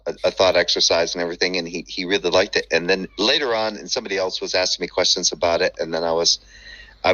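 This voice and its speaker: A man chatting casually and telling stories with lots of cursing, acting out the people he quotes. His voice has a very bright edge. The sound is dull and lo-fi, like an online call. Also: low voice. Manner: profane, animated storyteller who acts out quoted voices. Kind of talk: casual chat.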